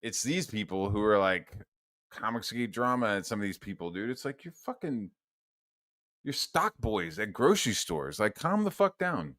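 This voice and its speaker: A man's voice: lowish voice, sing-song, normal speed, fairly bright tone. A young man streaming a solo rant, swearing constantly and mocking his critics in a heated, sarcastic way. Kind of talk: profane rant.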